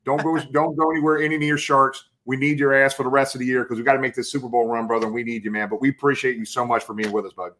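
A man's voice: medium pitch, flat delivery, racing, hardly any pauses, a bit bright, slight background noise. A man hosting a sports talk show, hyped and friendly, calling his guest brother and man.

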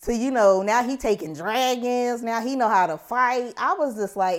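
Woman co-host, fairly high voice, casual, slangy, opinionated, easygoing delivery. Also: normal speed, few pauses. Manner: relaxed, slangy, opinionated reactions. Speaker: podcast co-host. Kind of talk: casual chat reacting to a TV episode.

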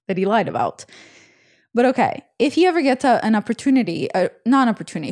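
A woman's voice: mid-range voice, a little mellow. Woman host, mid-range voice, casual and opinionated, dishing out blunt dating advice. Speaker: podcast host. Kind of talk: casual podcast chat.

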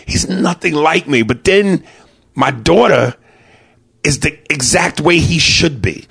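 Gravelly, husky New York comedian. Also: male voice, medium pitch, very animated, no echo. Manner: loud, profane, acts out family members in quick voices. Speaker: stand-up comedian. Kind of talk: stand-up storytelling.

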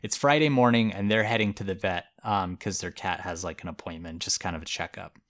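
A man's voice: low-pitched, brisk, fairly bright tone. A man co-hosting a podcast, telling a news story in a casual, chatty way with frequent laughs and fillers. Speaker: podcast co-host. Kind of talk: casual chat.

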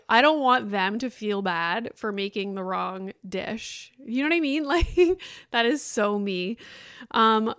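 A woman's voice: mid-range voice, clean tone, no room sound. A woman in her thirties talks frankly on her solo podcast, swearing freely and putting on sing-song mocking voices for other people. Her voice sits in an ordinary middle register. It is recorded dry and close, with no room sound. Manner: candid, frank and profane, with mocking quoted voices. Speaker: podcast host. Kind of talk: casual solo podcast talk.

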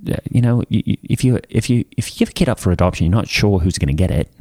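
A man plays a self-satisfied youth pastor with a low, mellow voice, spinning a rambling anecdote padded with ums, uhs and restarts. The sound is close and dry. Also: fast talker, dry recording. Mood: rambling, earnest. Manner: rambling storytelling with many fillers and restarts. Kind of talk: improvised comedy character.

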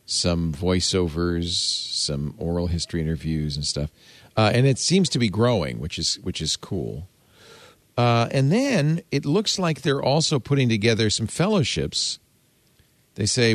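Animated man hosting a tech chat. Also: unhurried, dry recording. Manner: animated, jokey, drops low and soft when personal. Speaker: host. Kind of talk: casual podcast chat.

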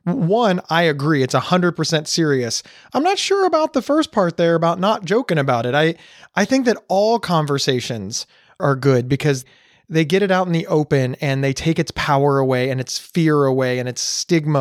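A man's voice: on the high side, expressive, normal speed, dry recording, clean studio sound. A man hosting a podcast, talking earnestly in a casual way, often restarting his words. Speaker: podcast host.

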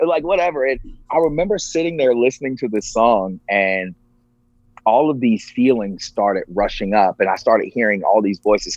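A man's voice: medium pitch, lively intonation, moderate pace, no room sound. A man sharing a personal story as a podcast guest, earnest and emotional. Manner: earnest, emotional, acts out quoted voices. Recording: dull lo-fi, dry.

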